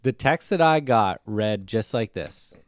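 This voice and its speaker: Low smooth-voiced man chatting on a podcast. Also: lively intonation, a little slow, dry recording, studio quality. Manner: conversational, hedging, lots of restarts and fillers. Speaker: podcast co-host. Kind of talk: casual chat.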